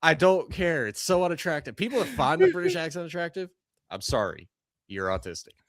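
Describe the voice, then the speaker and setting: A man's voice: fairly high pitch, wildly swooping pitch, quick pace, gravelly, no echo, clean studio sound. A young man co-hosting a podcast, chatting casually, ranting and going off on tangents. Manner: rambling, ranting, goes off on tangents. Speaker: podcast co-host. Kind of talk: casual chat.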